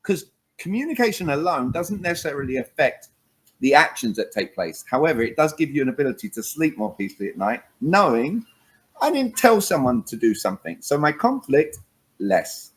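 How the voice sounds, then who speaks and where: A man's voice: a little high, sing-song, a little fast, fairly bright tone, slightly rough, rough recording. A man with a British accent, a communication coach giving an interview, emphatic and fond of acting out little dialogues to make his points. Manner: emphatic, punctuates points with "all right", acts out dialogue. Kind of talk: animated interview chat.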